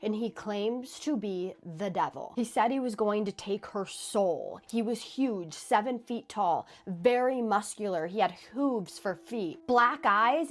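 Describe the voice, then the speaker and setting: Chatty woman telling a scary story. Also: medium pitch. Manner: chatty, dramatic, slows down for emphasis. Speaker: horror storyteller. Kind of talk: casual scary storytime narration.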